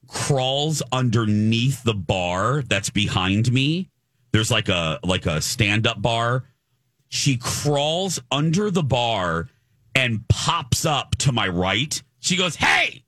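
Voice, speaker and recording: Male podcast co-host, chatty storyteller, lively pitch, dry booth sound. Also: very slow, no room sound. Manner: animated, acts out quoted voices. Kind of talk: casual storytelling chat.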